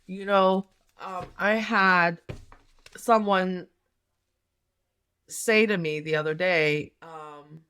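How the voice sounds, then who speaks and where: A woman's voice: lowish voice, steady tone, drawn-out words, long pauses, a bit bright, clear, resonant tone. A middle-aged woman doing a tarot reading, talking casually in a rambling way with many fillers and restarts. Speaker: tarot reader and nurse health coach.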